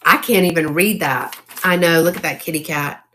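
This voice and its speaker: A woman, hosting a casual live sale. She chats and exclaims over old items, and she reads faded handwriting aloud haltingly. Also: lowish voice, fairly bright tone. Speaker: online live-sale seller.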